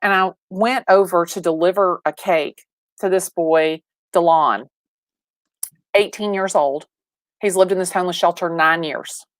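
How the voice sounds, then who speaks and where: Animated woman telling stories on a call. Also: fairly low pitch, a little slow, dry recording. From Atlanta, Georgia. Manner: animated storyteller, acts out quoted dialogue, many restarts. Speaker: real estate agent, guest. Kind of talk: livestream interview storytelling.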